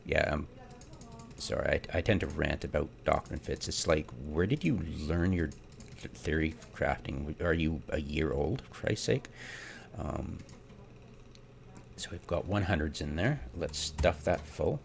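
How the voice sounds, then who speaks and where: A man's voice: extremely low pitch, a little slow, gravelly, slight background noise. A man giving casual, exasperated commentary as he builds a game setup, full of rhetorical questions and ums. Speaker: game theorycrafter. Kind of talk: casual ranting commentary over gameplay.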